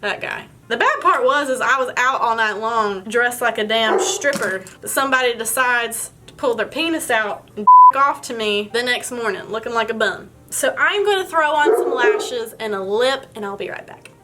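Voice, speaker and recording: A woman's voice: fairly high pitch, moderate pace, sharp tone, a little hiss or hum. A young woman telling a story in a casual vlog while doing her makeup, chatty and full of fillers. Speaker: beauty vlogger.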